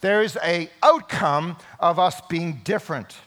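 A man preaching a Sunday sermon in a church, emphatic, with sudden loud peaks. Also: sits high, measured pace. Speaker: pastor.

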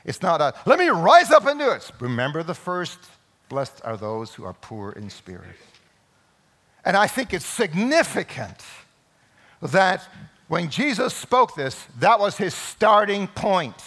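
A man preaching a Sunday sermon in a church, emphatic, with sudden loud peaks. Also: a little high, very animated, slow pace. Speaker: pastor.

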